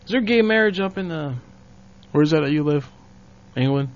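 A man's voice: fairly high pitch, lively intonation, fairly quick. A man hosting a radio show, talking in a laid-back, hesitant way. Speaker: radio host. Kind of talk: radio banter. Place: radio studio. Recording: dull radio broadcast with music.

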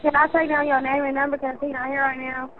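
A woman's voice: high-pitched, flat delivery, quick pace, a loud crowd. A woman working at a restaurant, answering the phone politely and firmly. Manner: polite, patient, increasingly firm. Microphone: telephone. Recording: tinny phone line.

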